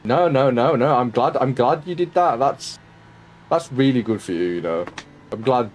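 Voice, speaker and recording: A man's voice: medium pitch, animated, moderate pace, a little mellow, a little hiss or hum. A man streaming a sim racing session, tired and yawning, chatting casually and joking with viewers he greets by name. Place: at home.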